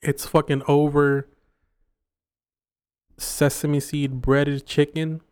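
A young man co-hosting a podcast in casual chat, teasing his friend and cursing through lively talk about food. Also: a little high, slow, smooth. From Mexican-American. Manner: profane, teasing, relishes describing food. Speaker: podcast co-host.

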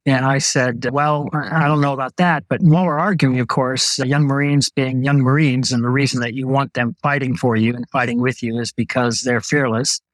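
An older man, a retired Navy doctor, telling stories as a guest in an interview, relaxed and anecdotal. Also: mid-range voice, fairly quick, few pauses, no echo, low-quality recording. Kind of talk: storytelling in an interview.

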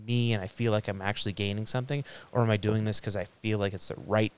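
Swearing a lot and repeatedly restarting sentences, a young podcast co-host rambles through a long story during casual round-table chat. He's a fast talker with a lowish, steady, smooth voice.

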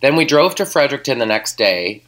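A man co-hosting a podcast, casually recapping a tour with a slightly hoarse, raspy voice and easy fillers. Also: mid-range voice, fairly quick. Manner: relaxed storytelling, many fillers. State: hoarse, recovering voice. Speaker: podcast co-host. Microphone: headset mic.

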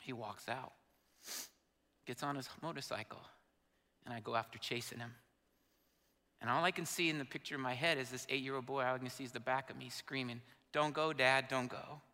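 Bright-voiced pastor in a reverberant hall. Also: male voice, medium pitch. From Indiana, USA. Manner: emotional, confessional storytelling. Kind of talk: personal sermon story.

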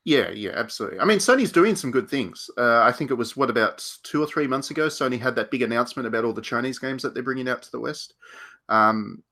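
A man's voice: mid-range voice, expressive, quick pace, sharp tone. A man co-hosting a casual podcast panel discussion, talking in a thoughtful, rambling way with frequent restarts.

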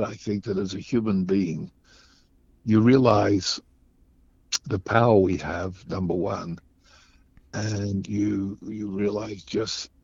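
A man from Australia tells stories as a guest in a low, gravelly and husky voice. He is animated and acts out the voices of the people in his tales. The sound is muffled and lo-fi. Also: dry recording. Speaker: guest storyteller. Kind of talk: casual anecdote telling.

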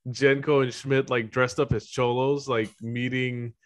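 A man's voice: mid-range voice, little pitch movement, unhurried. A man co-hosting a casual movie review chat, rambling with lots of "like" and easy laughter. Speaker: podcast co-host.

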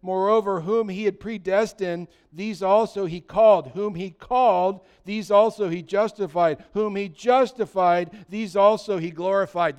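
A man preaching a sermon, reading scripture and telling casual stories, swinging between loud proclaiming and quiet confiding asides. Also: high-pitched, steady tone, unhurried, few pauses, clean tone. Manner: casual storytelling with fillers.

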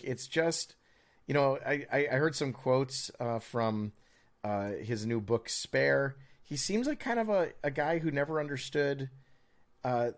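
An American man co-hosting a podcast, chatting in a rambling, sardonic way with lots of stammered restarts. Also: mid-range voice. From United States. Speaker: podcast co-host. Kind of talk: casual opinionated chat.

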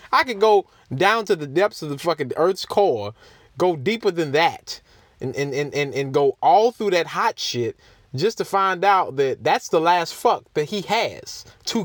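A man's voice: high voice, big pitch swings, normal speed, dry recording, studio quality. A young man hosting a casual solo podcast, ranting in a profane, mocking way and laughing often. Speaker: podcast host.

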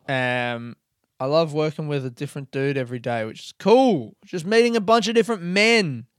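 A man's voice: on the high side, clean tone, no echo, clean studio sound. A young man talking in a rambling, self-deprecating casual monologue, swearing freely.

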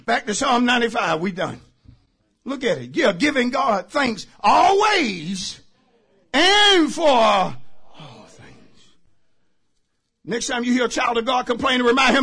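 A man preaching a sermon in a very high, bright, forceful voice. He shouts his points slowly and calls out to the congregation for answers. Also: animated, husky. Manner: shouting, preaching with call and response. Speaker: pastor.

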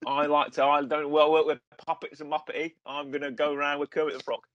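A man's voice: fairly high pitch, little pitch movement, fast, no room sound, lo-fi sound, lightly acted. Man doing a self-important old movie star, exaggerated and clipped, dry close sound. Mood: mock-grand. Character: mock impression of an older male film star.

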